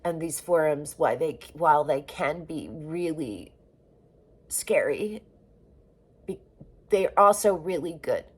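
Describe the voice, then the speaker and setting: A woman's voice: low-pitched, lively intonation, slightly rough. A woman in her forties venting in a personal video diary, raw and emotional, swearing often and breaking off mid-sentence. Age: 40s. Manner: halting, restarts and trailing phrases. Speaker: vlogger.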